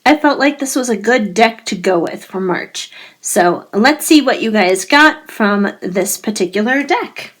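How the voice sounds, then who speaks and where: Speaking straight to her viewers, a woman gives a pick-a-card tarot reading in a gentle, musing, reassuring manner. Her medium-pitched voice has lively intonation and an unhurried pace, though it keeps fading and she often clears her throat.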